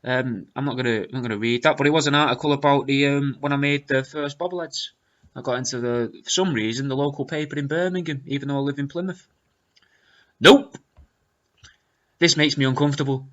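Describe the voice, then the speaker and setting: A man's voice: mid-range voice, fast, a bit bright, lo-fi sound. A man comically reading aloud angry comments, with wry, self-deprecating asides. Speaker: video creator reading out comments.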